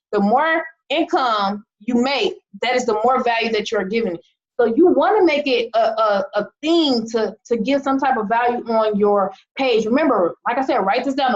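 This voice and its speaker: A woman's voice: on the high side, highs cut off. A woman coaching her team in an emphatic, fired-up motivational talk full of rhetorical questions. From United States. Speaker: team leader and business coach. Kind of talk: motivational talk to an online group.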